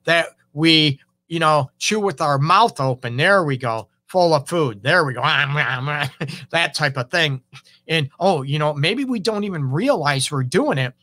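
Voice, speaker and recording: A man's voice: fairly high pitch, expressive, a little slow, sharp tone, no echo. A man giving a casual monologue about relationships, conversational, often acting out quoted partners.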